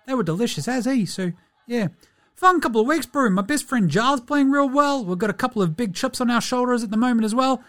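A man's voice: very high-pitched, lively intonation, brisk, a bit bright. A man playing a laid-back, friendly New Zealand basketball player in a comedy bit, putting on a New Zealand accent and rambling chummily through a mock diary entry. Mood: easygoing. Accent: New Zealand (put on). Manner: chummy, rambling, says "bro" and "eh" constantly.

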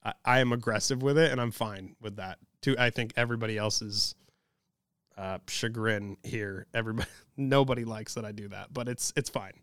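A man's voice: lowish voice, normal speed, no room sound, clean studio sound. A young man co-hosting a podcast, talking bluntly and casually, with the odd swear word. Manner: blunt, animated, swears freely. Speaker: podcast co-host. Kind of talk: casual chat.

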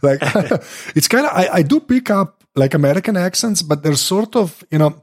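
A non-native English-speaking man hosts a relaxed interview, stumbling over words and restarting often. His voice is husky and sits fairly high for a man. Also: moderate pace. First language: not English. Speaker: podcast host. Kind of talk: casual interview talk.

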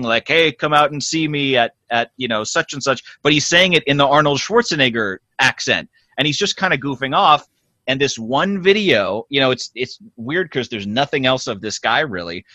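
A man's voice: medium pitch, sharp tone, no room sound. A man hosting a casual behind-the-scenes chat, rambling with restarts and quoted asides. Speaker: podcast host.

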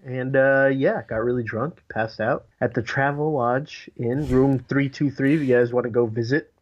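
A man's voice: medium pitch, fairly even intonation, normal speed, muffled recording. Casual podcast host, male, mid-range voice, jokey rambling storyteller. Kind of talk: casual chat.

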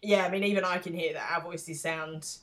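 A chatty English woman co-hosts a podcast with a low-pitched voice. She talks in a relaxed, casual way and often turns to ask her co-host questions. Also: brisk. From England.

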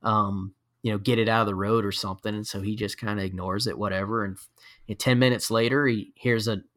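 A man's voice: on the low side, fairly even intonation, brisk, a bit bright. Guy rambling through a hunting story on a podcast, easygoing, fillers everywhere. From Florida. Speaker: podcast guest. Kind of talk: casual storytelling.

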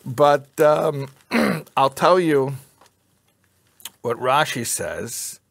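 A man's voice: mid-range voice, extremely slow, vocal fry. A man teaching an informal Bible class to a live group, joking and quizzing his listeners. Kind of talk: informal Torah class with audience.

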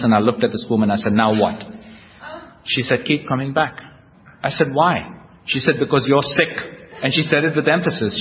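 A man's voice: medium pitch, slight background noise. A man giving a humorous, self-deprecating personal recovery talk to a live audience at a convention, telling his story with wry storytelling. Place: large hall with a live audience. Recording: echoey hall, dull lo-fi tape.

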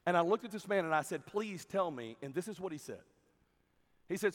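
A high-pitched man preaching to a crowd, telling his story with animated, acted-out exchanges. His voice rings out with a long reverb from a large hall. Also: a little fast. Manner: animated storytelling, acting out dialogue. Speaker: camp preacher. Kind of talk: sermon.

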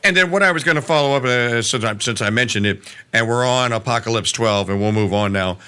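A man's voice: medium pitch, fairly quick, sharp tone, smooth. A man hosting a casual chat, playful and laughing often. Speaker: podcast host.

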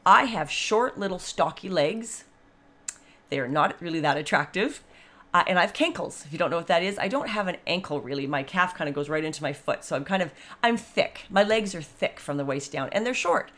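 A woman's voice: on the low side, fairly quick. Blunt chatty woman in her fifties. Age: 50s. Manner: blunt, chatty, animated storytelling. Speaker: vlogger. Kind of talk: casual monologue.

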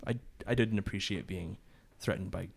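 A man's voice: low voice, moderate pace, gravelly, husky. A man, a podcast co-host, telling a long story in a rambling casual way, full of restarts and short laughs.

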